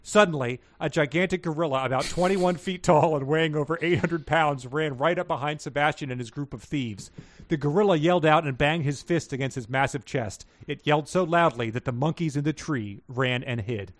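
A man's voice: a little high, a little fast, dry recording. A man co-hosting a podcast, chatting casually and reading book passages aloud with laughing asides. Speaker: podcast co-host.

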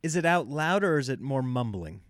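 A man's voice: mid-range voice, big pitch swings, moderate pace, no echo, clean studio sound. A man hosting a casual podcast chat as a comedian, asking curious follow-up questions and telling stories.

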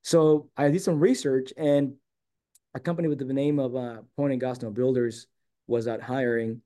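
A man from San Diego, appearing as a guest on an interview show, tells a long personal story casually in a mid-range voice at normal speed. He's animated and acts out the lines he quotes.

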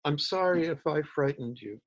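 A man reading aloud who voices a calm, eerie male intruder in a quiet, dreamy, unhurried way. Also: fairly high pitch. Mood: apologetic.

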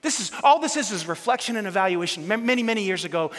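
High-voiced, emphatic preaching man. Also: lively intonation, fast talker, fairly bright tone. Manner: emphatic, repetitive, calls on the congregation. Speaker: pastor. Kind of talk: sermon. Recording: long hall reverb.

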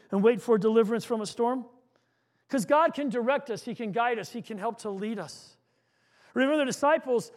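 A male pastor preaching an earnest sermon, repeating words as he goes and acting out a story. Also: high-pitched.

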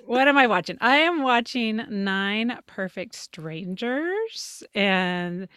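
A woman's voice: mid-range voice, slow, clean tone, dry recording, studio quality. A woman co-hosting a podcast in casual chat, laughing often and acting out what she said. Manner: chatty, laughs often, animated quoting. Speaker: podcast co-host. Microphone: on camera, video podcast.

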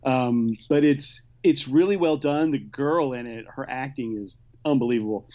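A podcast co-host chatting casually about a show, relaxed and a little hesitant. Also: medium pitch, moderate pace. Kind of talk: casual chat. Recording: dull lo-fi sound.

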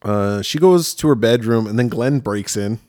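A man co-hosting a podcast, casually recapping a film and acting out characters in high falsetto voices. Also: moderate pace, dark tone, no echo, clean studio sound. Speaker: podcast co-host.

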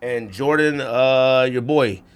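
A man's voice: medium pitch, slow, clean tone. A man co-hosting a podcast in casual chat, emphatic and teasing as he argues about sneakers. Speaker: podcast co-host.

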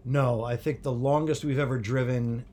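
A man from New Jersey co-hosting a casual chat, adding quick jokes. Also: mid-range voice, steady tone, mellow, a little hiss or hum. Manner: joking, quick quips. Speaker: podcast co-host.

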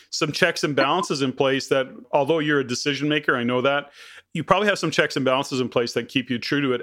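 Canadian male podcast host, mid-pitched, loose conversational delivery, full of restarts. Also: a bit bright. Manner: rambling, many restarts. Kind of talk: casual conversational interview.

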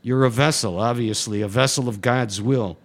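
A man's voice: medium pitch, moderate pace, lightly acted. A man reading a story aloud, voicing God as a laid-back male rock fan who eggs a boy on. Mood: calm. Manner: offhand, swearing, egging on.

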